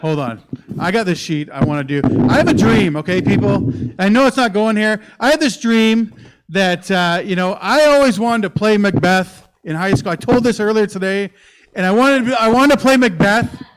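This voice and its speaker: A man performs stand-up on a comedy club stage, rambling through a profane, animated story. His voice sits a little high for a man and comes through a handheld stage mic. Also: normal speed. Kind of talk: live stand-up set.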